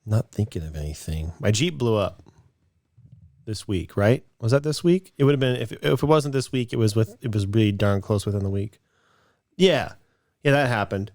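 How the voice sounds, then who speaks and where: A man in his late twenties chats casually on a podcast, circling back and restarting as he tells a story. His voice sits low, and the recording is dry with no room sound. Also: normal speed, no echo. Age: late 20s. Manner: rambling storyteller, restarts, animated in quotes. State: a bit out of breath. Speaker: podcast co-host. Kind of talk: casual chat.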